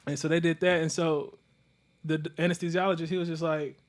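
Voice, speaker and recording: A man hosting a podcast, chatting casually and telling a lively, slangy story about a surgery. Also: a little high, fairly quick. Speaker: podcast host. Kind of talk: casual chat.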